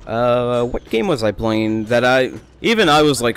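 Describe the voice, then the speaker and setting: A man's voice: mid-range voice, normal speed, hardly any pauses. A young man rambling chattily through casual gameplay commentary as a let's play host. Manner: rambling, chatty, self-amused.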